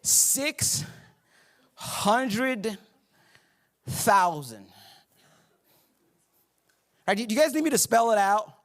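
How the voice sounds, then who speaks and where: High-voiced joking pastor preaching. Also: male voice, sing-song, drawn-out words, pauses often, fairly bright tone. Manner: playful, joking with the congregation. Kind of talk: sermon. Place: church auditorium.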